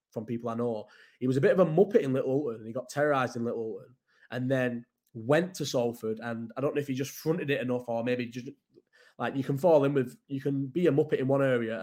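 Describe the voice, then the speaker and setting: A man's voice: mid-range voice, a little mellow. A man from the Bolton area with a Bolton accent, hosting a casual live chat in a rambling, blunt and sweary way. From Bolton area, England.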